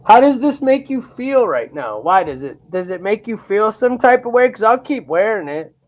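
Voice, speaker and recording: A man's voice: sits high, big pitch swings. A man from Ohio hosting a live reaction stream. He talks casually and bluntly, swears, brags, repeats himself and uses slang like "bro" and "dude". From Lakewood, Ohio, US. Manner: slow, drawn-out talk with frequent repeats and restarts.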